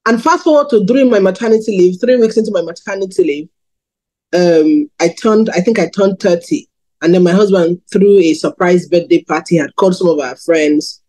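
In a poorly recorded sermon, a preacher from Nigeria in her thirties speaks at normal pace while openly recounting her own testimony. Her storytelling is frank, with lively swings in pitch.

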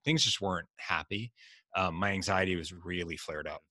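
A man's voice: sits low, moderate pace, no room sound, studio quality. A middle-aged man telling personal stories in an earnest, reflective way as a podcast guest, now and then acting out what others said. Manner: earnest, reflective, quotes others in lively asides. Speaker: podcast guest, life coach. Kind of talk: candid conversational storytelling.

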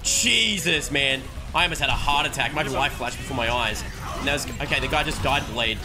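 A young man giving joking, excitable gameplay commentary with sudden shouts. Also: medium pitch, a little fast. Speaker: gaming streamer. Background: background music.

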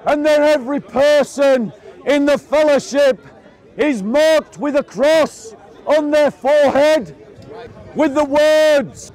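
A man with a very high voice preaches in the open air at a slow, deliberate pace. He often pushes his voice up to carry over a crowd murmuring around him. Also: a little mellow. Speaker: street preacher. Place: outdoor public park speaking spot.

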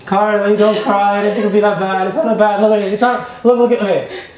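A man's voice: high voice, level tone, fast talker, darkish tone. Man vlogging in an echoey room. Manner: pleading and teasing, repeats himself. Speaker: prank vlogger. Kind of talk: casual vlog chat.

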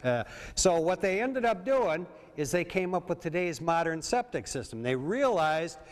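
A man's voice: fairly high pitch, sing-song, moderate pace. Man lecturing in an echoing hall. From Minnesota. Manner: conversational, often checks in with the audience. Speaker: presenter on septic systems. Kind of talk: informal lecture to an audience. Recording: long reverb of a hall.

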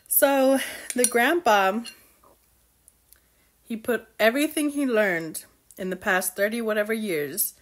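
Recapping a novel for her book club, a young woman with a mid-range voice chats casually, gushing about it and acting out the characters' lines.

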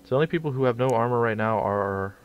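A man's voice: medium pitch, racing, highs cut off, slight background noise. A young man casually commentating his strategy game, rambling and stumbling over his words. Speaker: let's play host.

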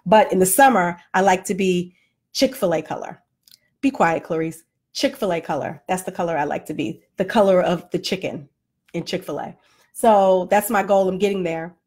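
A woman in a casual, comedic vlog rant, animated and self-deprecating, still winded and flushed from a workout. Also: fairly low pitch, normal speed. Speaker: vlogger.

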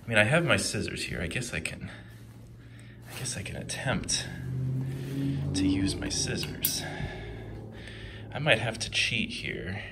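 Young male vlogger, low voice, slow delivery, effortful grunts and whispered muttering, noisy home recording. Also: very animated. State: strained and out of breath. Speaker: product reviewer. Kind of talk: comedic unboxing vlog.

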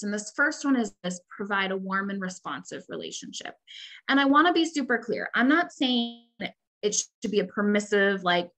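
A woman's voice: mid-range voice, fairly bright tone, low-quality recording. A woman giving an educational presentation on parent-child attachment, speaking in an explanatory way with frequent "like" and "um.".

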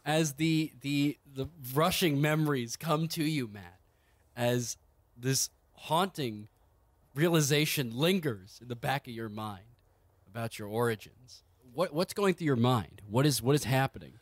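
A man running a comedic tabletop game as game master, rambling and halting with amused asides. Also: mid-range voice, no room sound.

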